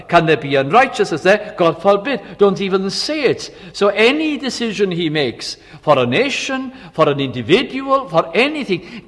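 An older man preaches with earnest conviction, his slightly high voice rising and falling in a lively way. He pauses often with fillers, moving between emphatic and hushed passages. His voice carries a long reverb from a large hall. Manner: earnest, pausing with many fillers, swings between emphatic and quiet. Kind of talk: sermon.

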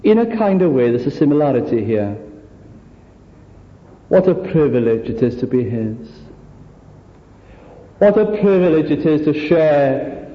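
A man preaching a sermon, earnest and full of rhetorical questions, pausing to act out the people he quotes. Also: on the high side, very animated. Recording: echoey hall, dull lo-fi sound.

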